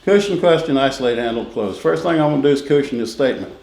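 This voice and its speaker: A man's voice: mid-range voice, expressive, creaky, darkish tone. Middle-aged man teaching in an echoey classroom. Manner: drills phrases by repetition, quizzes the class with quick questions. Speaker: real estate sales instructor. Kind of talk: classroom training lecture. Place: training classroom. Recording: echoey room with faint noise.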